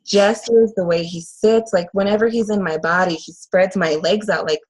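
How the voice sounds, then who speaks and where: A woman working as a medium, talking in a casual, earnest and halting way with frequent fillers. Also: medium pitch, steady tone, slightly rough, rough recording. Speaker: channeling medium. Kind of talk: casual conversation.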